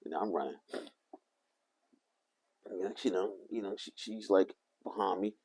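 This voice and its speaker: An older man telling a rambling, animated story to the camera. He often corrects himself as he talks. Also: low-pitched, measured pace, breathy edge. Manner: animated, meandering, self-correcting. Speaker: vlogger.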